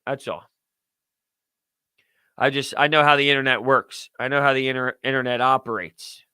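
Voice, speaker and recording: A man's voice: mid-range voice, fairly even intonation, moderate pace, pushed and bright, clean tone, no echo. A young man hosting a casual sports podcast, ranting and joking with frequent laughs. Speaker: podcast host.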